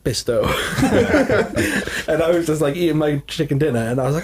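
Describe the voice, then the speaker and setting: A man's voice: on the high side, expressive, fairly quick, a little hiss or hum. A young man co-hosting a casual podcast, telling family stories and laughing often. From Wales. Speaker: podcast co-host. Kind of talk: casual chat.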